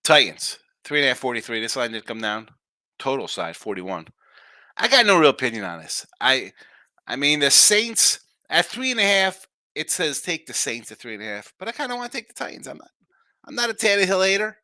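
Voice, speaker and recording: A man's voice: fairly high pitch, sing-song, brisk, sharp tone, no echo, clean studio sound. A man hosting a live sports betting show, giving brash, jokey picks and chatting with viewers in the comments.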